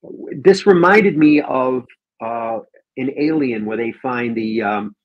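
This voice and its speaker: A man's voice: medium pitch, slow pace, dull audio. A man, a guest collector on a video call, chatting casually about comic art, enthusiastic and rambling with many ums.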